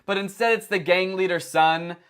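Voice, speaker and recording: A man's voice: sits high, moderate pace, a bit bright, smooth. A young man giving comedic reaction commentary in a sarcastic, wry and incredulous way. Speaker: commentary YouTuber.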